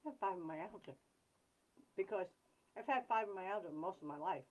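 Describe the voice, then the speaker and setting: A woman hosting a live chat, talking in an earnest, rambling way with frequent pauses and apologies. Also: mid-range voice, lively intonation, darkish tone, rough recording. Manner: blunt and self-deprecating. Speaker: livestream host.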